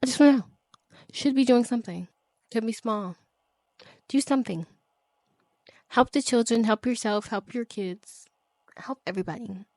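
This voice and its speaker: A woman's voice: fairly high pitch, moderate pace, pauses often, darkish tone, no echo, clean studio sound. A woman hosting her own podcast alone, talking with passion, swearing freely and repeating her pleas with laughs and sighs. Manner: impassioned, emphatic, swears freely; repeats pleading phrases, laughs and sighs between points. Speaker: podcast host. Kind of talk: solo podcast monologue.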